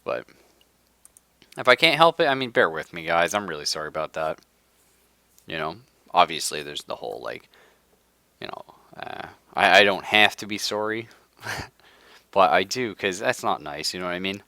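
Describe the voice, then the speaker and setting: A young man live-streaming a strategy game, hoarse from being sick, ranting in casual chat and laughing often. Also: deep voice, expressive, normal speed, long pauses, bright, forceful tone, no echo. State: hoarse from illness. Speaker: livestreamer.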